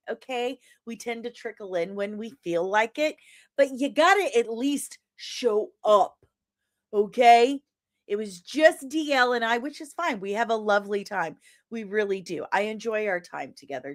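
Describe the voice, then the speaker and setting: A sniffly woman with a lingering cough hosting a casual live stream. She greets viewers with loud, sing-song shouts and chats in a playful, teasing way. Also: medium pitch. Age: adult, old enough to remember films from forty years ago. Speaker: host of a daily pop-culture live show.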